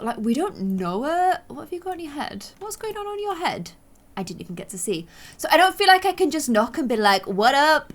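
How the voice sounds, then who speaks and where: A woman in her twenties chats through her gameplay in a bubbly, exclamatory way, talking straight to her viewers. Her voice sits fairly high and swoops up and down a lot. She sounds a little stuffy and sneezy. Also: a little hiss or hum. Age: 20s. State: congested and sneezy. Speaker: gaming YouTuber. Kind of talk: casual gameplay commentary.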